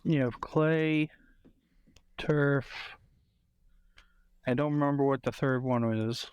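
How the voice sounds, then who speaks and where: A man's voice: on the high side, steady tone, takes it slowly, a little mellow, smooth, no echo. A man playing trivia, hesitant and reasoning out his guesses aloud. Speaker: trivia contestant. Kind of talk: casual podcast chat.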